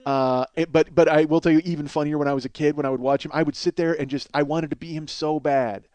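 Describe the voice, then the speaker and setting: Giggly comic man riffing loudly. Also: on the high side, fairly even intonation, fast talker, clear, resonant tone, dry recording. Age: 40s. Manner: absurd running bits, loud bursts, laughs at own jokes. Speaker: comedy podcast host. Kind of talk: rambling comedic monologue.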